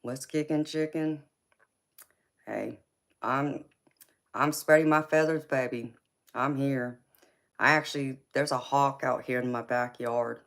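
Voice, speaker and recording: A woman's voice: extremely low pitch, steady tone, takes it slowly, creaky, pauses often, fairly bright tone. Southern-accented woman hosting a live tarot reading. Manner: affectionate, greets viewers with endearments like baby and honey; chatty and rambling, with frequent ums and you-knows. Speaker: tarot reader and live-stream host.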